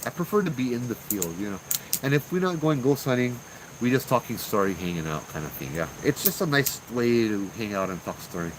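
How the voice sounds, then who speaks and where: A man's voice: mid-range voice, expressive, brisk, noisy background. A man with a Hawaiian Pidgin accent, casually telling ghost stories to his live viewers in a chatty, laughing way. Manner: laid-back, laughing, chatty. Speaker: ghost-story channel host.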